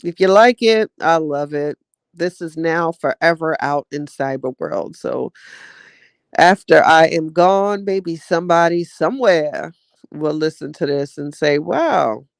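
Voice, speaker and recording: A woman's voice: deep voice, expressive, a little slow, gravelly, dry recording, studio quality. A woman hosting a podcast, talking casually and heartfelt with her listeners, chatty and drawling, often calling them "child" and "y'all". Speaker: podcast host reading live chat.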